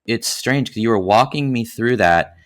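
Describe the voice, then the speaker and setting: A man hosting an interview podcast, responding gently and appreciatively to his guest. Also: mid-range voice, expressive, normal speed. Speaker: podcast host. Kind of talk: casual interview chat.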